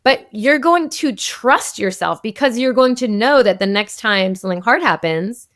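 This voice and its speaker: A woman's voice: a little high, animated, normal speed, fairly bright tone, dry recording, studio quality. A woman psychotherapist and author, a guest in an interview, explaining ideas in a flowing, casual way and often checking in with "like" and "right?".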